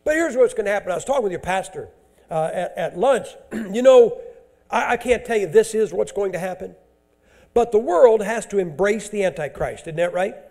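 Blunt, high-voiced preacher. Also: male voice, animated, normal speed, creaky, darkish tone. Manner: blunt, emphatic, folksy. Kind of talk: sermon.

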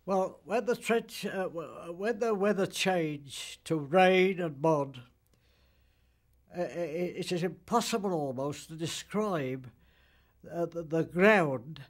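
A man in his nineties recalls old memories in an interview. His voice sits a little high for a man and moves slowly. He tells it haltingly, in plain dialect speech. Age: 90s. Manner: halting, plain-spoken storytelling with dialect grammar. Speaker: war veteran interviewee. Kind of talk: recollection interview.

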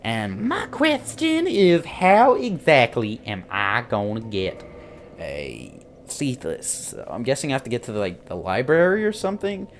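A young man doing profane let's-play commentary on a blind playthrough, muttering to himself and trash-talking a boss between yelling bursts. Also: mid-range voice, wildly swooping pitch, unhurried, a little hiss or hum. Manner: swings from muttered self-talk to yelling bursts. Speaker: gaming YouTuber.

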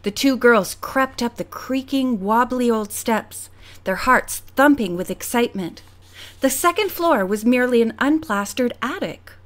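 A woman reading a mystery audiobook aloud in an expressive manner. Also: on the high side, a little slow. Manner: expressive, character voices. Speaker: audiobook narrator.

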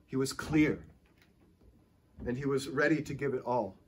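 A man's voice: medium pitch, a little slow, a little hiss or hum. A male pastor preaching a sermon, telling stories with emphatic, rising and falling delivery.

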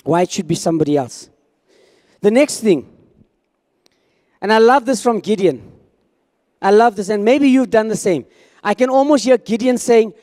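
A man's voice: sits high, expressive, normal speed, pauses often, warm tone, big-room sound. A man preaching a sermon as pastor, talking conversationally and acting out quoted dialogue.

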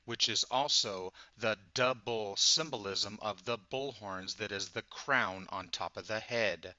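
A man giving a measured, lecturing monologue that explains where words come from. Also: fairly low pitch, pushed and bright, dry recording. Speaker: channel host. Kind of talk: explanatory monologue on word origins. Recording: dull lo-fi recording.

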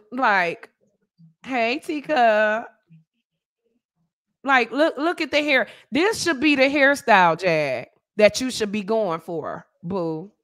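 Brief: woman host, higher voice, unhurried, casual slang-heavy livestream banter. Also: animated, a bit bright. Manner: greets viewers by name, trash-talking. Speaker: podcast host.

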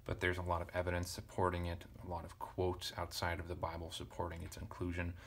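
A man teaching ancient Greek grammar at a relaxed pace, thinking aloud and correcting himself with casual asides. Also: sits low, fast, a little hiss or hum. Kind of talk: relaxed verse-by-verse parsing lesson.

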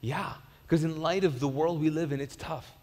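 A man's voice: fairly high pitch, steady tone, normal speed, darkish tone, big-room sound. A man preaching a sermon as pastor, conversational and storytelling, with frequent restarts and repeated words. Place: church auditorium.

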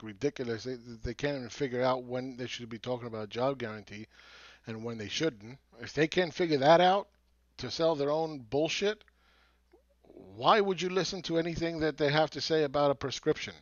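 A man's voice: mid-range voice, no room sound. A man hosting market commentary, ranting in a mocking, profane and emphatic way. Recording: dull lo-fi dry sound.

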